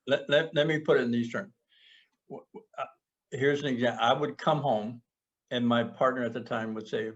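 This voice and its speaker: Heard through muffled, lo-fi podcast audio, a middle-aged man speaks at a moderate pace in a mid-range voice with fairly even intonation. He's a co-host recounting something he went through, earnest and reflective in casual talk, tripping over and repeating words while he gathers his thoughts.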